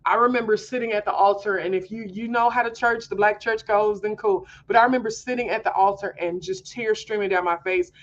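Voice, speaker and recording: A woman's voice: mid-range voice, fairly even intonation, brisk, few pauses, muffled recording. A woman hosting a homeschool mom podcast, talking earnestly in a candid personal monologue, confiding and full of fillers.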